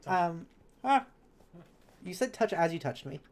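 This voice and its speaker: A woman's voice: fairly low pitch, lively intonation, measured pace, darkish tone. A woman streamer in casual live chat while gaming, reading viewers' messages aloud and answering them kindly. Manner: chatty and self-correcting, with laughs.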